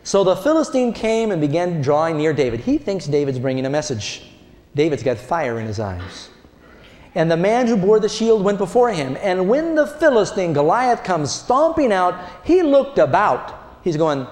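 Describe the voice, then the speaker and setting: Animated preacher man in an echoey hall. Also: high-pitched, normal speed. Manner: animated storytelling, acts out voices, asks the congregation. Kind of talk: sermon.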